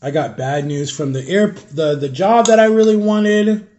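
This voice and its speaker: A man with a stuffed-up nose, talking in a halting, rambling way while eating on camera at home for his vlog. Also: high-pitched, darkish tone. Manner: rambling, halting, searching for words. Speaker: vlogger. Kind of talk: casual confessional vlog.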